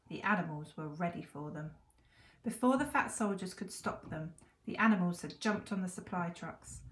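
A woman teacher reading a picture book aloud in a clear, expressive storytelling voice. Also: medium pitch. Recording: echoey room.

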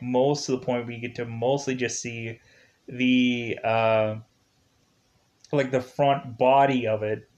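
A man's voice: medium pitch, a little mellow. A man giving a casual film review, rambling along with lots of fillers and chuckling as he retells scenes.

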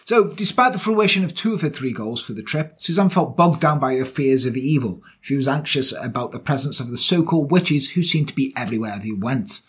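Husky man reading a true-crime podcast. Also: medium pitch, animated, brisk, few pauses. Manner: reads the case notes, then jokes and laughs with his co-host, swearing freely. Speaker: podcast co-host narrating a true crime case.

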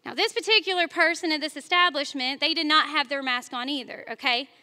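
Bright, high-voiced woman preaching. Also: brisk. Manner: chatty storytelling, talks straight to the congregation, laughs at herself. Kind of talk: sermon. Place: church sanctuary. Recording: long reverb of a large church hall.

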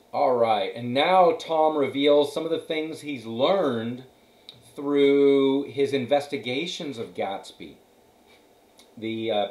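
Man teaching a novel, slow and echoey. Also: medium pitch, a little mellow. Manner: conversational, checks in with frequent "okay" and "right". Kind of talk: classroom read-aloud with commentary. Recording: echoey room.

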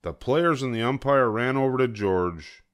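A man's voice: medium pitch, smooth. An older man reading a children's picture book aloud, storytelling. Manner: slow, lively storytelling.

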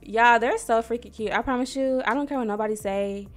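Chatty young woman with a lilting, higher voice. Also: a little fast. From Missouri, USA. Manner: chatty, expressive, squeals when excited, talks to viewers. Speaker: gaming streamer. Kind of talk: casual gameplay commentary. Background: soft R&B background music.

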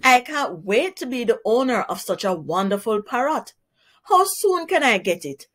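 A woman's voice: a little high, sing-song, unhurried, a bit bright, pitched above the performer's own voice. A woman voicing a greedy, gullible male crow preacher in a storybook reading. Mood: delighted. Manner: demanding, then gushing.

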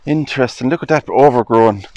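A man's voice: medium pitch, darkish tone, dull audio. A man with an Irish accent walking through a graveyard, reading old inscriptions aloud and musing about them. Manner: reads headstone inscriptions aloud slowly, musing. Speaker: cemetery vlogger. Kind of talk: casual walking commentary. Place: outdoor graveyard.

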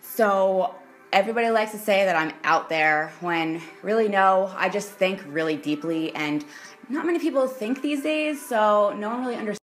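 A young adult woman ranting in a vlog, blunt and profane, swinging between loud outbursts and quiet mutters. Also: mid-range voice, moderate pace. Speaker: vlogger.

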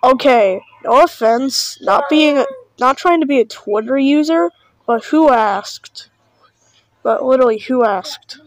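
A woman's voice: high voice, lively intonation, normal speed, poor audio. A woman doing casual reaction commentary on videos, sarcastic and full of mock panic.

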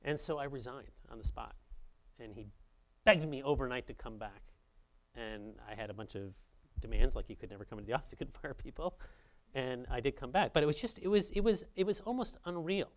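A man in his fifties from Saint Paul, telling a personal story in a talk to an audience, conversational and swinging between emphatic and quiet. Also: medium pitch. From Saint Paul, Minnesota, US. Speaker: speaker at a journalism institute.

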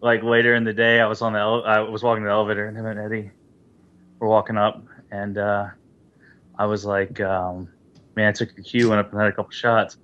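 Brief: male podcast co-host, low voice, quick pace, muffled lo-fi recording. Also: little pitch movement, a bit bright. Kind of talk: casual chat.

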